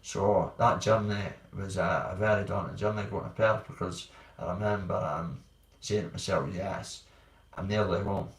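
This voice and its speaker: A Scottish man with a deep, gravelly voice tells his own hard stories at a normal pace, bluntly and ramblingly, swearing freely. The sound is roomy, as though he's distant from the mic.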